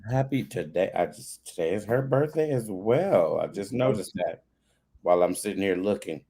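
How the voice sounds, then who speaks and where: Excitable man with a lively voice. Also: normal speed, breathy edge. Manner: excitable, bursts into high squeals and near tears. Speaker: talk show co-host. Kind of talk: casual chat.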